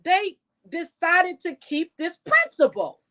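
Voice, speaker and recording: A woman's voice: very high-pitched, very animated, slow pace, sharp tone. A woman journalist giving outspoken, scolding news commentary full of rhetorical questions.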